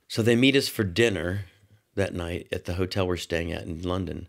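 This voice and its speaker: A man telling a rambling, animated anecdote as a talk show guest, full of restarts and quoted dialogue. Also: deep voice, moderate pace, vocal fry. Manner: animated storyteller. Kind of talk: casual anecdote.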